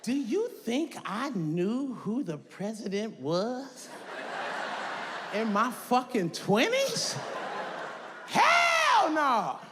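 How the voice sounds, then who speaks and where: A woman, doing stand-up and shouting brashly at the audience. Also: fairly high pitch, sing-song, takes it slowly. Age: 50s. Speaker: stand-up comedian. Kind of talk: stand-up comedy. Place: large live comedy venue. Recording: echoey hall, roaring live crowd, noisy.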